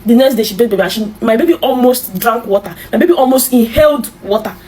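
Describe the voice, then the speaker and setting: A Nigerian woman telling her own life story in an interview, halting and repeating herself, with many restarts. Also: a little high, a little mellow, poor audio. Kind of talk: emotional personal storytelling.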